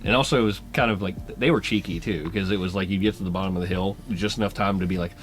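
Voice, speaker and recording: A man with a lowish voice chats loosely on a podcast, rambling between jokes and bursts of laughter. Faint music sits under the talk. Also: quick pace. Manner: jokey, rambling, laughs often. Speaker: podcast co-host. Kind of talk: casual chat.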